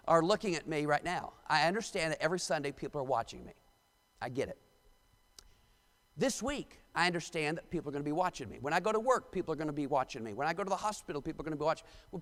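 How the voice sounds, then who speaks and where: A man preaching a sermon as pastor, reading scripture with dramatic emphasis, in a church sanctuary. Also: on the high side. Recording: long church reverb.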